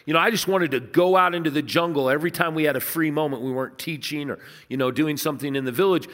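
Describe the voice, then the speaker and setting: A man preaching a sermon, telling stories in a conversational way and dropping low and soft to stress points. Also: fast talker, big-room sound. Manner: storytelling, conversational, dips low and soft for emphasis. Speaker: pastor.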